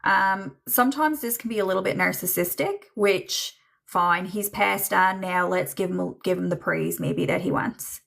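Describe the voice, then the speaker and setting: Gravelly-voiced chatty woman medium. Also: fairly low pitch, normal speed, a bit bright. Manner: chatty, hesitant, filler-heavy, laughs often. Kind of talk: livestream reading.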